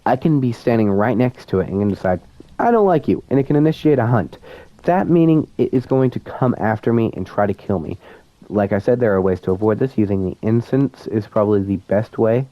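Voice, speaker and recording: A man's voice: on the low side, fairly quick, no room sound. A young man giving casual commentary on a horror game, nervous and self-mocking as he talks to his viewers. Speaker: student gamer. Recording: dull lo-fi sound.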